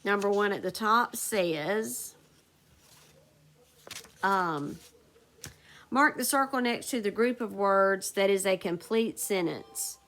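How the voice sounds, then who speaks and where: This is a woman teaching phonics in a recorded video lesson. Her voice sits at an ordinary middle pitch, and she speaks slowly and carefully. She dictates sentences deliberately and spells words out one letter at a time. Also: fairly bright tone.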